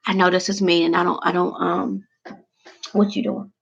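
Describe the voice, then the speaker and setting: A woman's voice: on the low side, flat delivery, normal speed, creaky, breathy edge, dull audio. A woman vlogger chatting casually and emotionally to her viewers, rambling from one thing to the next.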